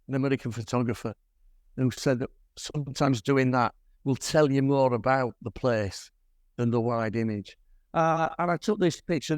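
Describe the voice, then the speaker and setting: A man's voice: medium pitch, no room sound. An older man gives a chatty slide talk to a camera club, telling stories with dry, wry humour. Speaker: guest presenter at a camera club. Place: club meeting room.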